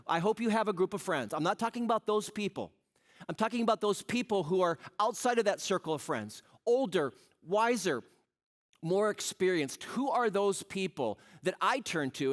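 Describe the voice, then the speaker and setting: High-voiced pastor preaching. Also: male voice. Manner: storytelling, humorous asides, asks the crowd questions. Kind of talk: sermon.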